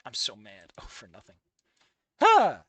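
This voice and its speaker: A woman casually reacting to a fanfic, exasperated and swearing freely, yelling at the characters, laughing often and trailing off into low mutters. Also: measured pace, no room sound. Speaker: fanfic reader and commentator.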